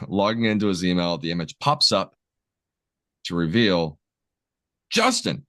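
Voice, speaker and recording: Deep-voiced man summarizing a horror film. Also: lively intonation, slow, fairly bright tone, no echo, studio quality. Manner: rambling plot summary with jokey asides. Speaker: podcast co-host. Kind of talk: casual movie review chat.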